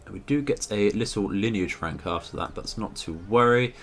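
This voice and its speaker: Polite man with a low voice. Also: creaky, a bit bright. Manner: polite, measured, with frequent fillers. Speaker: gaming video host. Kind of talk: strategy game commentary.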